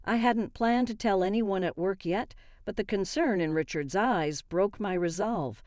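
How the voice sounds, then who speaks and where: A woman reading a first-person story in an even, steady narration. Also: medium pitch, measured pace, no room sound, clean studio sound.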